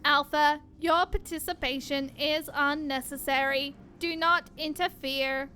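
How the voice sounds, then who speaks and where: Emotionless robot machine done by a woman, flat monotone, bright tone, slow and clinical. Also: high-pitched, slight background noise. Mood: commanding. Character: cold calculating combat machine, analytical, emotionless. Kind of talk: reading game dialogue aloud in a robot voice.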